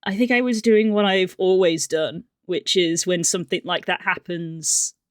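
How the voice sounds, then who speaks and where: A woman's voice: on the low side, fairly even intonation, moderate pace, no room sound, studio quality. A young woman livestreamer telling a casual story on stream, rambling and chatty with lots of fillers and restarts.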